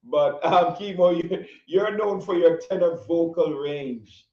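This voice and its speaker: Male interview host, halting delivery, fairly high voice, echoey room, muffled lo-fi sound. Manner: halting, lots of fillers, laughs easily. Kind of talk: hosting an interview.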